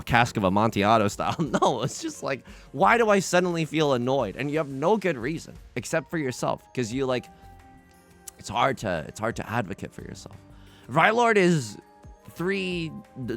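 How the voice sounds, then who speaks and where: A man's voice: fairly high pitch, vocal fry, fairly bright tone. A young man hosting a let's play, chatting casually over his game in a rambling, self-interrupting way.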